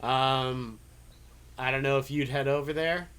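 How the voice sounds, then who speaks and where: A man running a tabletop game as game master, talking casually with halting restarts and the odd swear. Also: medium pitch, steady tone, a bit bright, clear, resonant tone.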